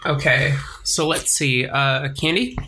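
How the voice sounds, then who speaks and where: A man's voice: mid-range voice, slow, noisy background. A man co-hosting a podcast, playfully guiding a snack tasting and cracking jokes. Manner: playful, jokey, guides the tasting. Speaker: podcast co-host. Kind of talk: casual food-tasting chat.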